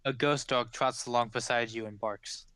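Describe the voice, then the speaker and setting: A man narrating as game master of a tabletop game, animated and rambling. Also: mid-range voice, moderate pace, clear, resonant tone, no room sound.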